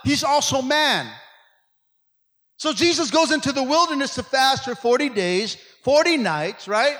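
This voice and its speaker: A male preacher delivering an energetic sermon in church, sweating from the effort and peppering his lines with amens. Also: very high voice. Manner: call-and-response, frequent amens. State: sweating from exertion. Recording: long hall reverb.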